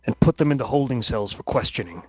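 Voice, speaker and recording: A man's voice: medium pitch, animated, fast talker, a little mellow, breathy edge, no room sound. A man voicing a stern, armored half-elf commander who gives curt orders.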